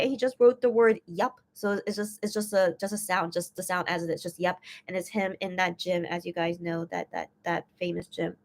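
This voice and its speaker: Speaking on the low side in a steady tone, this woman goes a little fast with hardly any pauses. She runs a fan channel's laid-back live-stream chat, translating and unpacking posts in a rambling way packed with fillers and restarts, and reading them leaves her teary and emotional.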